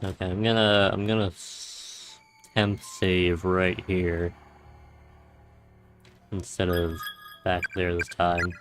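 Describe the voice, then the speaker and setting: A man's voice: low voice, flat delivery, takes it slowly, pauses often, a bit bright. Sarcastic gamer man over faint music. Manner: reads on-screen game text aloud between reactions; exasperated, sarcastic asides. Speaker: let's play gamer. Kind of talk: casual gameplay commentary.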